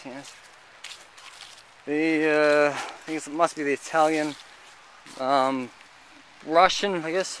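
A man giving casual, halting commentary as he walks through an outdoor cemetery, listing what he sees with many fillers. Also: fairly high pitch, a bit bright, a little hiss or hum. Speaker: vlogger touring a cemetery.

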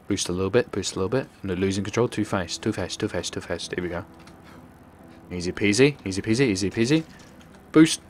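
A young man giving excitable live commentary on his gameplay stream, joking with chat and swearing. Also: on the low side, slight background noise. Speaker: gaming streamer.

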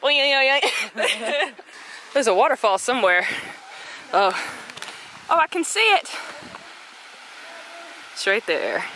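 A bright, lively young woman films herself on a mountain hike, her voice swinging up and down as she jokes and laughs with friends. She sounds a little out of breath from the climb, talking into a handheld camera outdoors. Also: high voice, takes it slowly, long pauses, slight background noise. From United States. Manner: bubbly, playful, laughs often. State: out of breath from hiking. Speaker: vlogger. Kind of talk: casual vlog narration. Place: outdoors on a mountain hiking trail.

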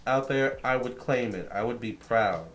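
A man quoting a proud young woman's spirit in his own low voice, slow and emphatic. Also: natural voice. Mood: firm.

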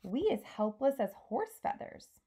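A woman doing a gentle, clumsy-talking friendly giant. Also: a little high, very animated, a little slow, husky, pitched above the performer's own voice, exaggerated voice. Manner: gentle, ungrammatical, invents odd words. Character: big friendly male giant, gentle, mangled grammar.

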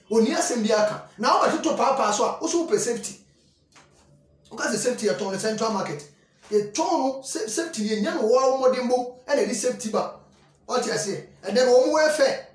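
A man hosting a football talk show, commenting casually and animatedly, often repeating phrases and mixing in English words. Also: very high voice. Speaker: sports show host. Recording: echoey room, far from the mic.

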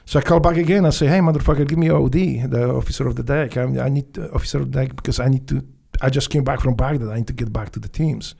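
Guest, male, Polish accent, gravelly and dark-toned, swears freely while he tells his stories. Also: mid-range voice, fast, few pauses. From Poland. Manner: profane, animated storytelling with non-native grammar. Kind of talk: casual storytelling.

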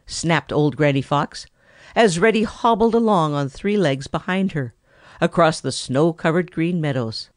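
A storybook narrator telling a classic children's animal tale. The pitch is lively and expressive throughout. The recording is dry and close, with no room sound. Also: unhurried, no echo. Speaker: audiobook narrator.

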